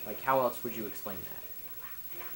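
A young man rambling goofily through a let's play, stammering and yelling at the game. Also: on the low side, unhurried, soft background music, poor audio. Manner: goofy, rambling, stammers, yells at enemies. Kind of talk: casual gameplay commentary.

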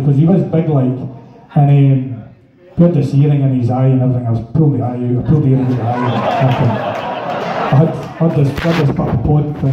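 A man spins a rough, profane story on stage, rambling and chuckling through it. His voice sits at an ordinary pitch, picked up from a distance in a big echoing hall, with a lively crowd around him. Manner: swearing, rambling, laughing mid-story. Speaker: guest storyteller. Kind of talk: live stage anecdote. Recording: echoey hall from far off, dull, crowd.

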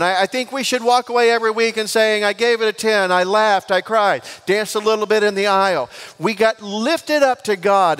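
High-voiced joking pastor. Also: male voice, clean tone. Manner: lively and joking, asks the congregation for responses. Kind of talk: sermon with jokes. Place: large church sanctuary. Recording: long church reverb.

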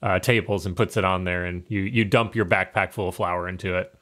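A man's voice: low voice, steady tone, fairly quick, a bit bright. A man narrating and running a tabletop game as game master, casual and laughing often.

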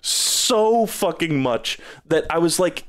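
Guy streamer ranting casual game review, high voice bouncing all over, swears a lot, fed up and sarcastic. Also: expressive, slow pace, fairly bright tone, clean tone. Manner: profane, exasperated, sarcastic.

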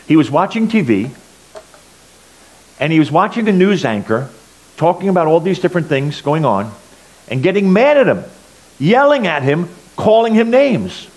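A middle-aged man giving a personal testimony at church, telling stories earnestly and swinging between loud and quiet. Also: a little high, big pitch swings, normal speed, pauses often, low-quality recording. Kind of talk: sermon testimony.

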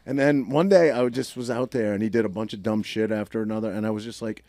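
A man in casual podcast chat, telling a story in a relaxed, profane way. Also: on the low side, quick pace.

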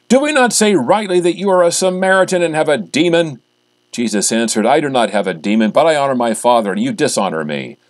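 A man, a pastor, reading scripture aloud and preaching in a measured, emphatic way, slowing down on key phrases. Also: mid-range voice, dry recording.

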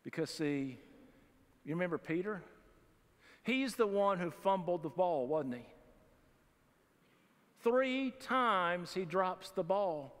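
Folksy preacher in a reverberant church. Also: male voice, high-pitched, expressive, takes it slowly, long pauses, fairly bright tone. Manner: folksy, conversational preaching with humorous asides. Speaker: pastor. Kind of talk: sermon. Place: church sanctuary. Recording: long reverb of a church hall.

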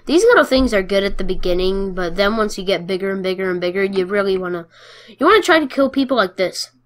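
A woman giving casual gameplay commentary, playful and excitable, cheering her wins and taunting the other players. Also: medium pitch, quick pace.

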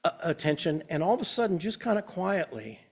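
A man's voice: high voice, sing-song, a little fast, husky. A man in his fifties preaching a sermon as a pastor, earnest and conversational, telling personal stories. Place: church.

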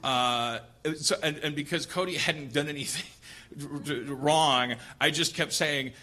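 Male podcast host, sharp bright tone, slightly high voice, profane comedic rants. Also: normal speed. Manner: animated, profane ranting. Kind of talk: casual comedic storytelling.

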